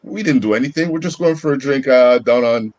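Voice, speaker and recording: A man co-hosting a casual podcast, telling a story step by step in relaxed slang. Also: medium pitch, fairly quick, no echo. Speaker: podcast co-host.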